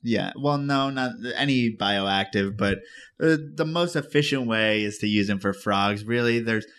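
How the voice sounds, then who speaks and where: A man's voice: lowish voice, moderate pace, a bit bright, clear, resonant tone. Laid-back joking man co-hosting a podcast. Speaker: podcast co-host. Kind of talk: casual chat.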